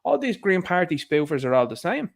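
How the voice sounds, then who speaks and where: Irish male commentator, higher-pitched, sarcastic and lively, casual solo rant. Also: a little fast, vocal fry. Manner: animated, sarcastic, laughs at his own jokes. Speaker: political commentator. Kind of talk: casual political monologue.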